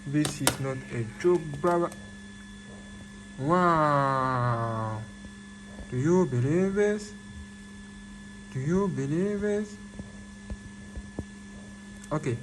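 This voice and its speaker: Male vlogger, slow excitable unboxing delivery, phone-recorded with a noisy background. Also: fairly high pitch. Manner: excitable, repeats himself, exclaims in disbelief. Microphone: phone camera.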